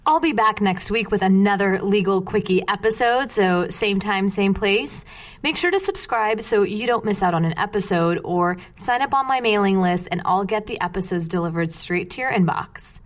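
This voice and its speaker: A woman's voice: mid-range voice, moderate pace. Upbeat Californian woman podcast host. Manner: chatty, upbeat, laughs easily. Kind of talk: casual podcast interview and outro.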